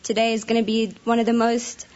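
A woman's voice: on the high side, level tone, a little fast, darkish tone. Woman from Morocco, happy and eager. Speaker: new citizen giving a speech. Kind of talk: short ceremony speech. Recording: dull lo-fi recording.

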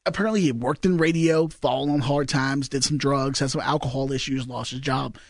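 A man's voice: medium pitch, fairly even intonation, a little fast, no echo, studio quality. A man from Virginia co-hosting a podcast, joking and teasing as he rambles through a story. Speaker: podcast co-host. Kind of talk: casual banter.

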